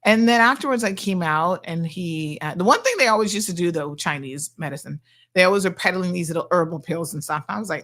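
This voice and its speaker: A middle-aged woman, hosting a talk show and telling a story in a chatty, animated way. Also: lowish voice, brisk. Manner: chatty and animated, acting out quoted people. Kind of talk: casual storytelling monologue.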